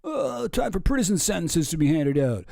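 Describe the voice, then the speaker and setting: A man hosting a commentary stream, his voice lively and swinging up and down in pitch. He reads news posts aloud and breaks in with sarcastic, swearing asides. The recording is close and dry. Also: moderate pace, gravelly, dry recording. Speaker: streamer host.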